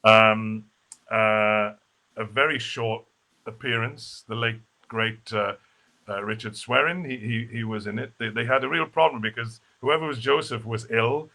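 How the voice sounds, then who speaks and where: A man's voice: lowish voice, unhurried, creaky, bright, forceful tone. A man, a stage actor guest in a casual live video interview, who talks in a chatty, rambling way full of fillers and restarts. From Wales.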